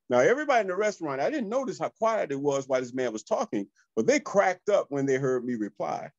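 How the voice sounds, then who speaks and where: A man, a real estate coach telling motivational stories to listeners in a lively, high-energy way. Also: fast talker, few pauses, no room sound, highs cut off. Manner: high-energy, animated, addresses listeners as y'all. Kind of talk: motivational storytelling.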